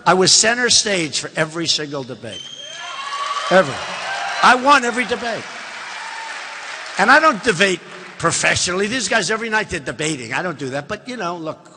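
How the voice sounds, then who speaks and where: A high, bright-voiced man in his seventies delivers a campaign speech in a large events hall. He rambles, boasts and turns to the crowd with mocking asides, and long reverb trails behind every phrase. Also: breathy edge. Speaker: political candidate.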